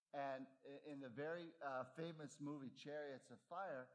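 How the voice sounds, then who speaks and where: A male preacher giving a sermon, emphatic and animated, with lively swings in emphasis. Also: mid-range voice.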